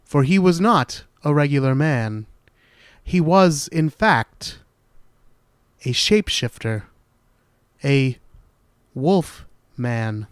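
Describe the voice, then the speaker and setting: Slow, dramatic male horror storyteller. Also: on the high side, lively intonation, smooth, no room sound, clean studio sound. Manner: slow, deliberate, dramatic, with hushed dark turns. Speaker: storyteller, podcast host.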